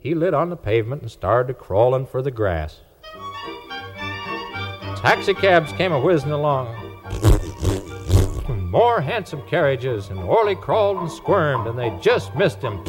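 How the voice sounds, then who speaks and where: Folksy male storyteller, lively pitch, music under old record. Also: a little slow, long pauses. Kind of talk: 1940s children's record narration.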